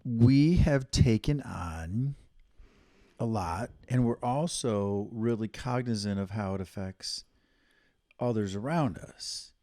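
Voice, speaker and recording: A man's voice: lowish voice, takes it slowly, mellow, no echo, studio quality. A middle-aged man co-hosting a casual podcast with his partner, talking in a joking, teasing way. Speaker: podcast co-host. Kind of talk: casual couple's chat.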